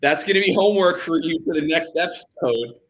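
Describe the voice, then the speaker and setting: A young man co-hosting a casual betting podcast, energetic and jokey, hyping things up as he talks. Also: a little high, brisk. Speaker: podcast co-host.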